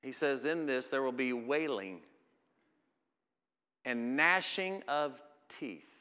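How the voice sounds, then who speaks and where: A middle-aged man preaches from the pulpit at an unhurried pace, his bright, forceful tone rising to loud emphatic peaks on scripture. His voice rings out with a long reverb through a church sanctuary. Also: medium pitch, lively intonation, smooth. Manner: slow, swelling to loud emphatic peaks when reading scripture. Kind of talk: sermon.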